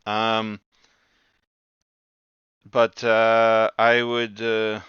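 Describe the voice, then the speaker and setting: A man's voice: lowish voice, expressive, unhurried, bright, forceful tone, clear, resonant tone, no room sound, lo-fi sound. A man running a tabletop game as game master, narrating hesitantly with frequent ums and uhs.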